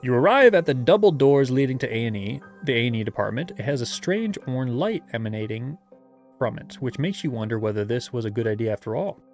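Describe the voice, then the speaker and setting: A man's voice: mid-range voice, lively intonation, brisk, darkish tone, soft background music. A man reading a gamebook aloud as game master, with playful asides and laughter.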